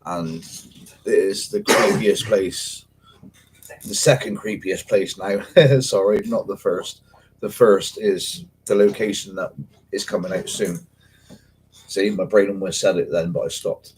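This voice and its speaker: Bloke on a ghost hunting livestream, low-ish voice, swears a lot, rambling stories, bit of background hiss. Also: male voice, fairly even intonation, a little slow. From England. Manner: rambling, sweary storytelling with mates' slang. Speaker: paranormal investigator hosting a livestream. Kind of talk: casual live chat with viewers.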